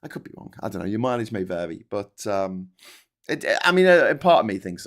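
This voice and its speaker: A man's voice: fairly low pitch, very animated, brisk. Brief Middle-aged Scouse male streamer, rambling, sarcastic, swears, lots of false starts. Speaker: host of a livestream news chat. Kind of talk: casual livestream commentary reading super chats.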